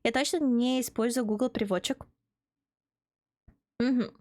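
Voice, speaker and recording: A woman's voice: on the high side, normal speed, darkish tone, no room sound, clean studio sound. A young woman with a Russian accent, a VTuber chatting casually on a livestream, reading chat aloud and laughing often. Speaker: VTuber streamer.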